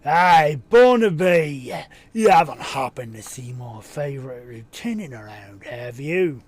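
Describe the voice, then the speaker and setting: A man voicing a gruff, exasperated pirate commander in a video game, in a put-on rough sailor accent, barking orders. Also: fairly high pitch, lively intonation, a little slow, no echo. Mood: bossy.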